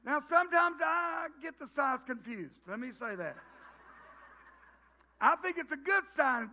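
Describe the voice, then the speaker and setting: A man's voice: very high-pitched, lively intonation, unhurried, gravelly, long pauses. A middle-aged man with a Southern US accent preaching a sermon in a folksy, joking way, often restarting his sentences. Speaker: pastor. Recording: dull lo-fi sound.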